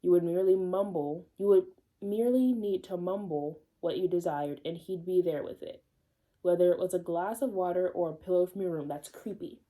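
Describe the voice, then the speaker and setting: Woman, casual read-aloud, chatty self-mocking asides, mellow tone. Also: fairly low pitch, moderate pace. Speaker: host reading fan fiction aloud.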